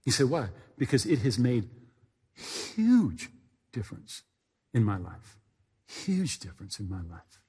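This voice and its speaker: A man's voice: medium pitch, big pitch swings, a little slow, darkish tone, slightly rough, big-room sound. A male pastor telling a story in a sermon, folksy and anecdotal, often turning to ask the congregation questions.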